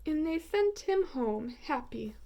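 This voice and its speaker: Woman, storyteller, picture-book read-aloud, high voice, slow rhythmic verse. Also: vocal fry, dull audio, slight background noise. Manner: expressive, rhythmic verse reading.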